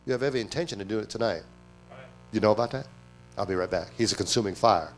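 A man preaching a sermon at a church service, animated, acting out quoted voices and firing off rhetorical questions. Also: on the low side, fast talker, faint music behind. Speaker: pastor.

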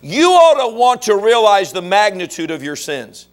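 A middle-aged man preaches a sermon in a fairly high voice. He quizzes his congregation with questions and climbs into shouted, animated stretches. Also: normal speed. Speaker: pastor.

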